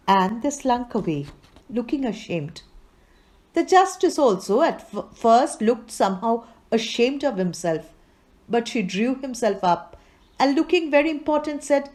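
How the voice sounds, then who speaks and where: A woman's voice: fairly high pitch, expressive, unhurried, a little mellow. A woman reading a classic fairy tale aloud, expressively voicing its characters. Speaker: reader. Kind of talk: storybook reading.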